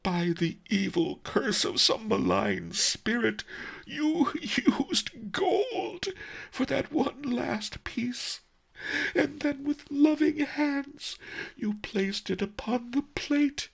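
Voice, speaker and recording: A man's voice: on the high side, sing-song, slow pace, gravelly, fairly bright tone, breathy edge, pitched above the performer's own voice, exaggerated voice. A man voicing a gluttonous, emotional fat merchant who whispers breathlessly and breaks into weeping.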